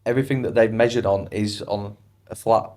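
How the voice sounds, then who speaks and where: Easygoing low-voiced male podcast host. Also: steady tone, fairly quick, a little mellow. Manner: easygoing, agreeable, chuckles between thoughts. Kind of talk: casual conversation.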